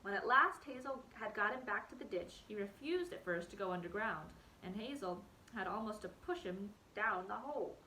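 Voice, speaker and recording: A woman teacher reading a novel aloud to her class in an expressive storytelling manner. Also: medium pitch, moderate pace, few pauses, slight background noise, poor audio.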